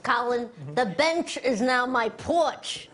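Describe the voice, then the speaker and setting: Sketch bit: a cranky old lady judge, high pitched, shouts at kids. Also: slow pace, background noise. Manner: feisty, yelling old lady. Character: cranky elderly female judge, impression.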